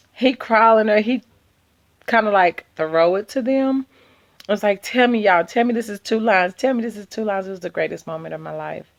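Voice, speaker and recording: A woman in her thirties telling a personal story to her viewers in an animated, chatty way. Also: mid-range voice, muffled recording. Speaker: vlogger.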